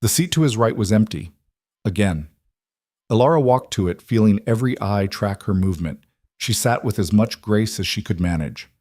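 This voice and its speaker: Low-voiced male storybook narrator. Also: expressive, moderate pace, warm tone, no room sound, studio quality. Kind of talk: scripted audiobook narration.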